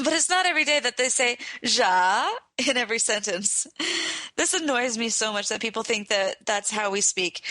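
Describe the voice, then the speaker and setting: Woman, podcast co-host, higher voice, very bright tone, dry sound, giggly letter reading. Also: no room sound. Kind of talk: casual podcast chat, reading a listener letter aloud.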